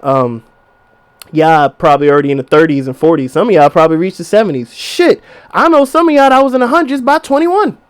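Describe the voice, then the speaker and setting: A man's voice: a little high, a little fast, clean tone. A man in his twenties hosting a podcast, giving blunt, profane relationship advice in a casual rant. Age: 20s. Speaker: podcast host.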